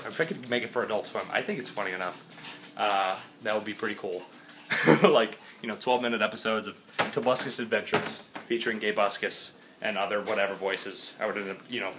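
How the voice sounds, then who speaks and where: Excitable vlogger, man in his twenties, bright crisp tone, chatty and rambling, faint background hum. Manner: excitable, jumps high and loud when calling his dog; chatty and rambling, laughs often. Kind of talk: casual vlog chat.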